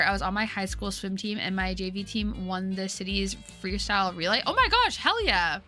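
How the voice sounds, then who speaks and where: While streaming a game, a woman in her twenties chats casually in a giggly, upbeat voice, kept high from years of customer service work. It sounds pushed and bright.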